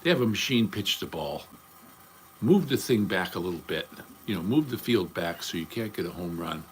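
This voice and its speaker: Low-pitched with lively intonation and normal pacing, an older man chats casually on a livestream he hosts, with a little hiss or hum in the audio. He rambles bluntly and profanely from one topic to the next.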